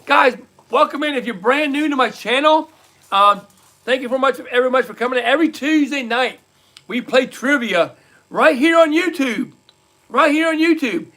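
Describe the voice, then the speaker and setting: A man hosting a live online trivia night, reading out scores and repeating each question slowly, in casual chat. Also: very high voice, sharp tone. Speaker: livestream trivia host.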